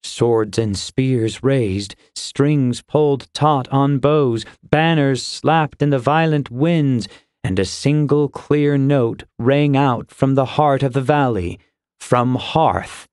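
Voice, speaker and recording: A man narrating a fantasy audiobook in a measured, steady reading. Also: mid-range voice, clear, resonant tone, no echo, clean studio sound.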